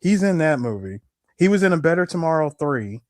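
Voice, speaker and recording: A man of middle pitch co-hosting a podcast, listing facts in a knowledgeable way, dotted with filler words. The recording is dry and close. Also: sing-song, a little fast, darkish tone, no room sound. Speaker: podcast co-host. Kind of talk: casual chat.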